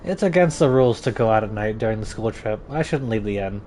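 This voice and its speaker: A man's voice: lowish voice, lively intonation, fast talker, darkish tone. Young guy, casual gaming commentary, jokey and chatty, light game music under. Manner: chatty, joking, reads game text aloud. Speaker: streamer. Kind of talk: casual let's-play commentary.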